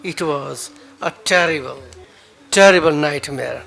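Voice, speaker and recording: A man with a Nepali accent reciting his own poetry at an open mic in a cafe bar, dramatic and emotive, with pauses and repeated lines. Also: high-pitched, pushed and bright. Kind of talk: spoken word poetry reading.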